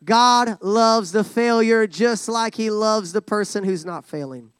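A man's voice: high-pitched, measured pace, a bit bright, smooth, no echo. A man preaching a sermon in a folksy, joking way, calling for responses from the congregation. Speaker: guest preacher.

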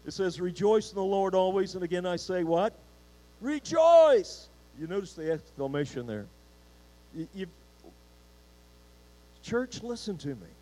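A man's voice: sits high, expressive, moderate pace, long pauses, mellow, poor audio. A man preaching a sermon in church, restarting words and putting questions to the congregation. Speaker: pastor.

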